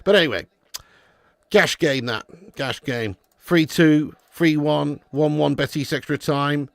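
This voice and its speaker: A man's voice: a little high, slow, creaky, no room sound. A young man hosting a live football watch-along, chatting casually and bantering with viewers. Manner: chatty, banter with viewers, jokey put-on accents.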